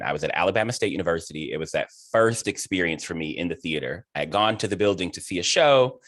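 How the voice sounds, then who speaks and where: Effusive low-voiced male interview host. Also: a bit bright, no echo. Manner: effusive, emotional, heartfelt. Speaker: host and theater director. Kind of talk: casual interview chat.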